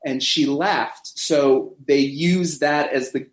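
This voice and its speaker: A man in a casual podcast chat, telling lively backstage stories and acting out what people said. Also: a little high, slow pace. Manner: animated storyteller who acts out quoted voices. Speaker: podcast guest. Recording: roomy echo.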